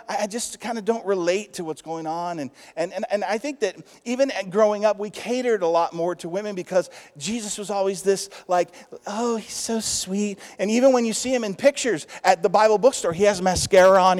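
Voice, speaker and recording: A man with a Texas accent, a pastor preaching a lively sermon in a church, swinging from loud calls to hushed asides. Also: sits high. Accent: Texan. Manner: lively preaching with big swings in loudness, asides and quick jokes. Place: church sanctuary. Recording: long hall reverb.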